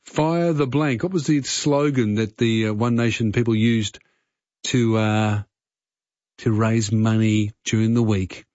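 A middle-aged Australian man runs a late-night radio quiz, chatty and loose, with plenty of uh fillers. His voice sits at an ordinary pitch. The sound is bone-dry and a little dull, as if it were on an AM broadcast. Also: fairly even intonation, measured pace, a little mellow, no echo. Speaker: radio host.

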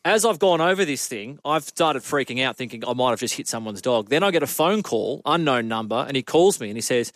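A man, a radio host telling a story in quick, animated casual banter. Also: mid-range voice, no room sound.

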